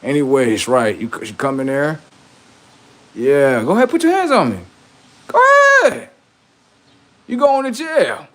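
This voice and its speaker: A man's voice: mid-range voice, very animated, unhurried, pauses often. A man on a livestream, talking in a rambling, profane, boastful monologue, often laughing and acting out quoted voices. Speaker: livestream host.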